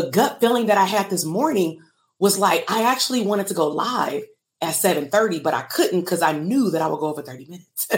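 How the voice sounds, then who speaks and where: A woman in her thirties, a business coach for therapists, talking casually and candidly to viewers on a live stream, emotional at times, laughing and swearing freely. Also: lowish voice.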